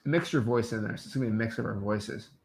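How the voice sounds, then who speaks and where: A young real estate wholesaling coach with a fairly low, gravelly voice talks fast through a casual screen-recorded tutorial. His coaching is loose and rambling, packed with fillers and restarts.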